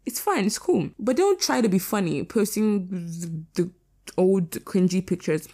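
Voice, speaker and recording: A young woman in her late teens hosting her own podcast in a candid, casual monologue, rapid and repeating herself for emphasis. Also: mid-range voice, animated, dark tone. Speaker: podcast host.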